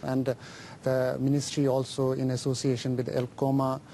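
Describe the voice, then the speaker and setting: Man, official on a panel, mellow tone, halting, many fillers. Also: medium pitch, monotone, a little hiss or hum. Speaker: government energy official. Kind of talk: panel discussion answer.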